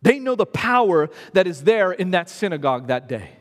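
A man's voice: sits high, very animated, normal speed. A man preaching a sermon in an emphatic way, repeating phrases for stress. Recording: long reverb of a hall.

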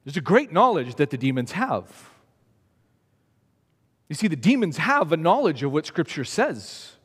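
A man's voice: on the high side, sing-song, unhurried, a bit bright, slightly rough. A man preaching a sermon in an emphatic way, repeating phrases for stress. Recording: long reverb of a hall.

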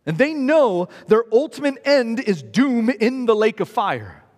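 Male preacher, sermon, emphatic, animated delivery, long hall reverb. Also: very high-pitched, unhurried. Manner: emphatic, repeats phrases for stress.

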